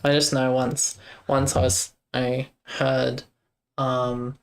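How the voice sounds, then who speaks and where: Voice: mid-range voice, level tone, slow pace. A young adult, live-streaming game development and chatting casually with viewers while thinking aloud over code.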